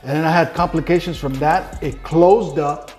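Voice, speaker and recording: Middle-aged man, casual interview guest, blunt and foul-mouthed, slightly high voice. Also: moderate pace, darkish tone, faint music behind. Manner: profane, blunt storyteller who acts out quoted dialogue. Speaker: guest telling his story. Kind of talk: casual sit-down interview, heavy swearing.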